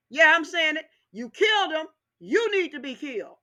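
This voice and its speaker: A woman delivers an impassioned commentary rant in a high voice. She hammers her points home over and over with a fiery, preaching cadence, and her tone stays bright and sharp throughout. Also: expressive, moderate pace, hardly any pauses. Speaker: video commentator.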